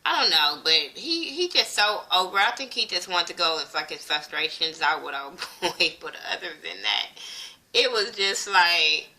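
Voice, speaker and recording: A woman's voice: lowish voice, normal speed. A woman, giving a casual, profane recap of a TV episode and acting out the characters' lines as she goes. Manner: blunt, profane, animated retelling with quoted voices. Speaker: TV show reviewer.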